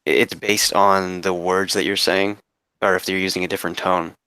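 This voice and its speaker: A man chatting casually on a livestream, laid-back and quick to laugh, swearing freely. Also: deep voice, level tone, sharp tone, clear, resonant tone, no echo.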